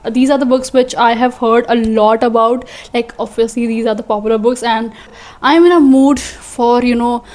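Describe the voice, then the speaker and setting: A young woman with an Indian English accent, chatting excitedly and rambling as a book vlogger. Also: a little high, moderate pace. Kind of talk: casual vlog chat.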